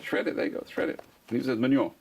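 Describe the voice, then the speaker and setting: A man's voice: mid-range voice, very fast, vocal fry, a little mellow, slight background noise. A man, a rabbi, giving an informal Torah class, repeating phrases for emphasis and answering his own questions.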